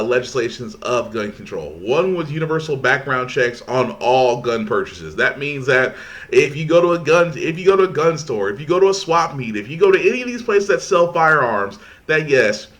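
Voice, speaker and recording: A man ranting in casual commentary, animated and repeating himself for emphasis. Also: medium pitch.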